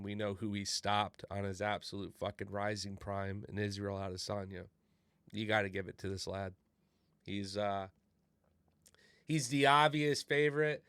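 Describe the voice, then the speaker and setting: A man's voice: on the low side, clean tone, dry recording. A man co-hosting a fight podcast, giving opinionated predictions with swearing and sweeping asides. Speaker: podcast co-host. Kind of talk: casual sports banter.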